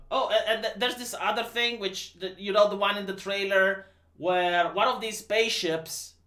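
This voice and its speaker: A man's voice: sits high, pushed and bright. A man from Romania hosting a livestream, ranting casually about a movie in an incredulous, profane manner. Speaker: livestream host. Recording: roomy echo.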